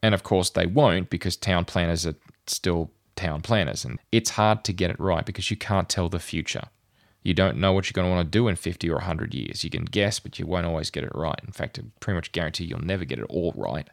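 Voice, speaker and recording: A man's voice: deep voice, brisk, vocal fry, no echo, studio quality. A man, a podcast host thinking aloud in casual chat with many fillers.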